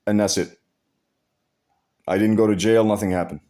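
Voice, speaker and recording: His pitch is fairly low and his tone dark, with fairly even intonation at a normal speed. It's a casual vlog monologue: a blunt, profane story where he repeats phrases and starts over often.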